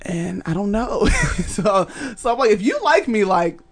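A woman's voice: mid-range voice, sing-song, unhurried. A young adult woman, a podcast guest, telling a story in casual chat, laughing often and acting out the voices of people she quotes.

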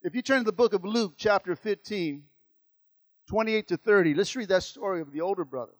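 High-voiced preaching pastor, dry and close. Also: male voice, a little fast, no echo. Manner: preaching with call-outs and repetition. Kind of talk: sermon.

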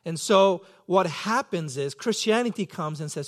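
A man's voice: sits high, lively intonation, normal speed, hardly any pauses. A man preaching a sermon as pastor, earnest and self-questioning, acting out his own pleading thoughts.

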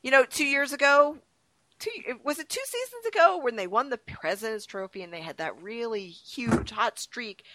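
A woman co-hosting a casual podcast, chatty and giggly, with a lively voice. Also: on the high side, normal speed. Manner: giggly, animated, swearing. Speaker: podcast co-host. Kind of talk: casual chat.

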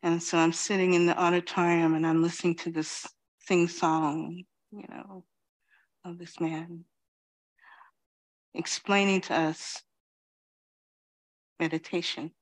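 A woman gives a dharma talk, reflective and unhurried. She is in her fifties, speaks slowly and pauses often, with many "you know"s between her thoughts. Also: lowish voice, little pitch movement. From Queens, New York. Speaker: Zen teacher.

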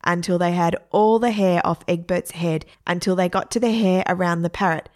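A woman reading a children's story aloud in a lively, playful way. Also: fairly low pitch, normal speed.

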